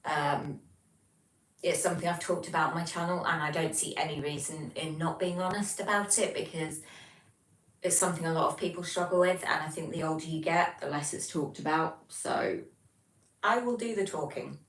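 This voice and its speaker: On a phone mic set far away in a room full of echo, a young woman from England hosts a relaxed livestream. Her deep voice moves at a moderate pace as she chats, reads viewer comments and says um a lot.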